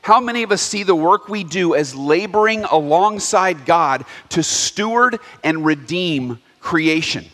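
A man giving a sermon, raising reflective questions one after another. His voice is slightly high and trails off in the long reverb of a large hall. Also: expressive, pushed and bright. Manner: asks questions, reflective, deliberate. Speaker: preacher.

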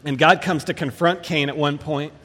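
A man preaching a sermon in a measured, emphatic way, slowing down to stress key phrases. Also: fairly high pitch, steady tone, fairly bright tone, in a large hall.

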